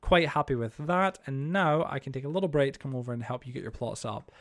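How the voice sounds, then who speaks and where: Fast-chatting young man streamer. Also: mid-range voice, expressive. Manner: chatty, reads chat aloud, many fillers and restarts. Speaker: game streamer. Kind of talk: live-stream chat while playing.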